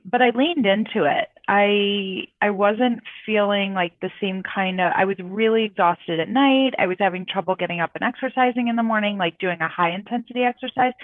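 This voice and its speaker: A woman's voice: mid-range voice, no room sound. A middle-aged woman co-hosting a casual chat, reflective and encouraging. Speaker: co-host. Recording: dry tinny phone-like call audio.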